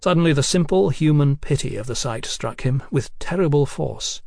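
A man narrating an audiobook in a steady, even manner, his voice in a middle register. The recording is close and completely dry, with no room sound. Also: medium pitch, moderate pace, few pauses, no room sound.

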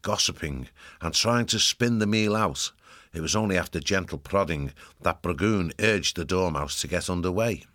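A man reads a storybook aloud in steady, measured narration. His voice is very deep and low. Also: dry recording, studio quality. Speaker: audiobook narrator. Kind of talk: scripted audiobook narration.

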